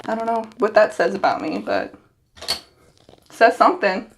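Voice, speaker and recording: Speaking at a normal speed with an expressive, medium-pitched voice, a young woman hairstylist talks to her phone in her home bathroom, with slight background noise. The casual vlog self-talk comes across as nervous and giggly.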